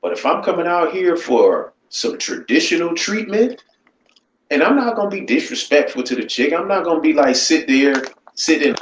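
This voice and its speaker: Male host, blunt and profane, raised pitch, roomy echo with faint noise behind. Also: sing-song, moderate pace. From United States. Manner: blunt, profane, keeps asking "you know what I'm saying". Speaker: channel host. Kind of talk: casual live-stream chat.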